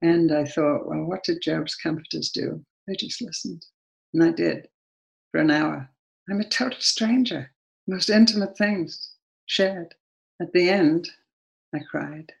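A woman's voice: on the low side, a little slow, gravelly, poor audio. A woman with an English accent, a guest sharing a personal story earnestly and then leading a prayer. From England.

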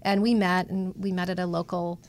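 Animated middle-aged woman storyteller. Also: lowish voice, a little fast, a little hiss or hum. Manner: animated, emotional storyteller acting out quoted voices. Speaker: matchmaker guest. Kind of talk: conversational storytelling interview.

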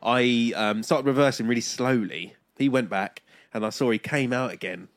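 A man's voice: medium pitch, moderate pace, no room sound, clean studio sound. A twenty-five-year-old man, co-hosting a podcast and telling a story with lots of swearing and acted-out quotes. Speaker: podcast co-host. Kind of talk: casual podcast chat.

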